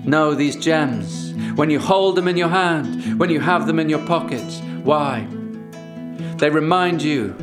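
A man telling a fable slowly and unhurriedly, repeating phrases for rhythm. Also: on the high side. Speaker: storyteller. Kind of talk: spoken storytelling over guitar. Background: guitar music.

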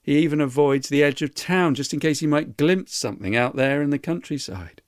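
A man's voice: a little high, fairly quick, dry recording, studio quality. A man telling a folk tale in an earnest, conversational way with folksy asides. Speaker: storyteller. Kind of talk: oral storytelling.

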